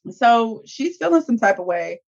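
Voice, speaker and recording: A woman's voice: a little high, sing-song, normal speed, gravelly, lo-fi sound. A woman co-hosting a casual reality-TV recap show, retelling scenes with profanity and acted-out quotes. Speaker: co-host.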